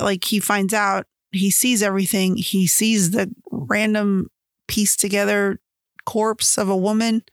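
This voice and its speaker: A woman comparing a book and its film adaptation in casual, chatty commentary, laughing often and talking in an animated way. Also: mid-range voice, dry recording, studio quality. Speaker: book reviewer.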